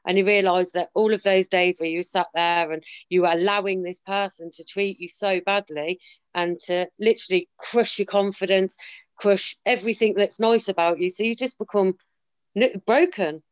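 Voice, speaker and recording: A woman's voice: mid-range voice, fairly even intonation, normal speed, smooth. Woman telling her story frankly, acts out what people said, bit dull lo-fi sound. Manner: candid, emphatic, quoting herself and others. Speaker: guest sharing her story. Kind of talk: casual chat.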